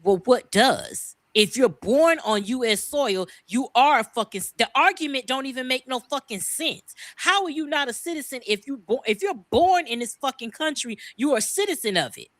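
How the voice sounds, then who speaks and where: A woman's voice: sits high, animated, fairly quick, few pauses, no room sound. A woman from the United States co-hosting a podcast, ranting in a profane, fired-up way. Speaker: podcast co-host. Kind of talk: heated casual podcast talk.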